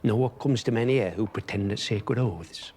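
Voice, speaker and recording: An actor playing a hostile, weaselly town steward in a TV drama, with a northern English accent and a sneering manner. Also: male voice, on the low side, normal speed, a little mellow, lightly acted.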